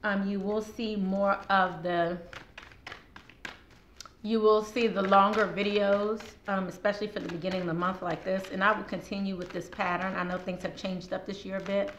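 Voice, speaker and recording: A woman's voice: mid-range voice, flat delivery, normal speed, a bit bright. A woman doing a casual tarot reading to camera with a sore throat, chatting straight to her viewers and laughing often. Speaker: tarot card reader. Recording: roomy echo, faint background noise.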